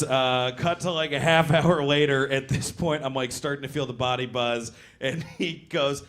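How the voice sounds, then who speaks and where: A man's voice: mid-range voice, normal speed, hardly any pauses, fairly bright tone. A man in his thirties doing stand-up, telling a rambling story full of fillers and acted voices. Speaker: stand-up comedian. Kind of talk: stand-up comedy set.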